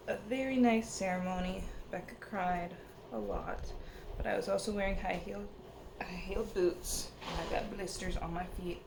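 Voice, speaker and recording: A woman's voice: lowish voice, vocal fry, noisy background. A young adult woman chatting through her day in a casual vlog, rambling with asides. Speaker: vlogger.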